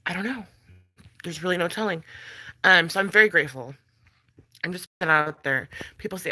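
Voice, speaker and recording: Blunt, low-voiced pregnant woman vlogging. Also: animated, a little fast, pauses often, sharp tone. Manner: blunt, chatty, swears often, laughs between thoughts. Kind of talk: casual chat.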